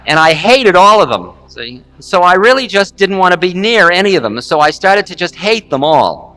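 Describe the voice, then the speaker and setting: A man, a spiritual teacher, telling a story in a candid, wry, animated way. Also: high voice, moderate pace. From United States. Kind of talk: storytelling talk.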